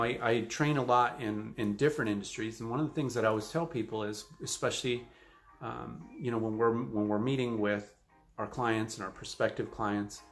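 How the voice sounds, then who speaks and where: Earnest man giving sales coaching. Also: mid-range voice. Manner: earnest, coaching, with frequent fillers. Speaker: sales trainer. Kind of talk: motivational training talk.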